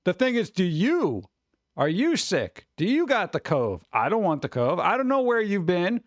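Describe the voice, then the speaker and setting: A man hosting a casual stream, chatting and riffing on viewer messages in a rambling, jokey way with animated rants. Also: sits high, normal speed, no echo, muffled recording. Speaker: streamer host.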